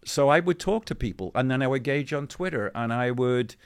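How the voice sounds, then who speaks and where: A middle-aged man, a guest in an interview, telling anecdotes in a chatty, animated way with many asides. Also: mid-range voice, fairly quick, clear, resonant tone. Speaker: interview guest, former football club CEO. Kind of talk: conversational storytelling.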